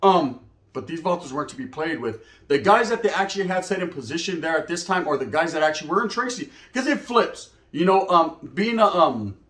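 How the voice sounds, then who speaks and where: A man telling prison stories in casual slang, animated, often acting out quoted voices. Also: fairly high pitch, brisk. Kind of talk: casual storytelling monologue. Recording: echoey room.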